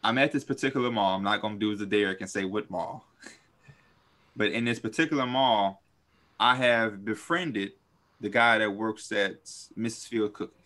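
A young man on a podcast, telling a story in casual chat, animated and profane. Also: moderate pace. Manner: animated, profane, swings high when quoting people. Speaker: podcast co-host.

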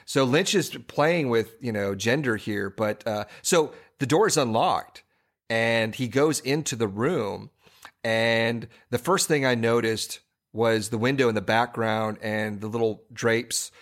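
A man co-hosts a podcast in a casual chat, his medium-pitched voice fairly bright and unhurried. He rambles, restarting often and leaning on fillers.

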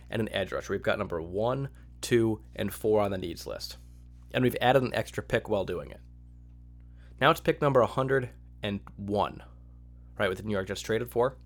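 A man hosting a solo sports podcast, giving opinionated, excitable commentary and acting out his own reactions. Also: lowish voice. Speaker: podcast host.

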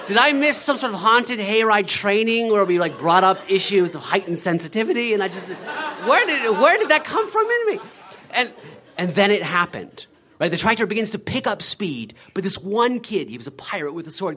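A man's voice: sits high, normal speed. A middle-aged man telling a comic story on stage, acting out quoted voices and tossing in "right?" to the listeners. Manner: animated, acts out quoted voices, frequent "right?".

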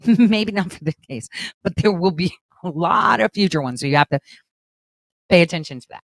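A woman's voice: on the low side, animated, normal speed, dry recording. A middle-aged woman hosting her own commentary show, talking straight to viewers in a blunt, profane, emphatic monologue full of "right?" tags. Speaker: political commentary show host.

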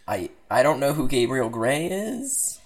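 Animated, laughing man on a podcast. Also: medium pitch, unhurried. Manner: joking, laughs a lot, animated. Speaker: podcast co-host. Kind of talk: casual podcast chat and reading aloud.

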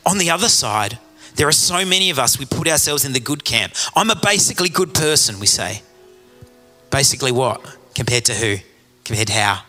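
A man's voice: medium pitch, fairly quick, pushed and bright, soft background music. A man preaching a sermon as pastor, earnestly pleading with questions to his congregation. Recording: reverberant hall.

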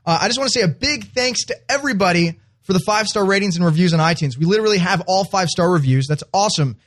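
A man's voice: high-pitched, quick pace. A young man co-hosting a podcast in an upbeat, casual chat, laughing often. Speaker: podcast co-host.

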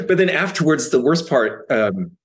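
A man's voice: a little high, very animated, unhurried. A middle-aged man, a guest on an interview podcast, laid-back and humble, laughing often. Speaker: actor guest. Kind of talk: casual interview chat.

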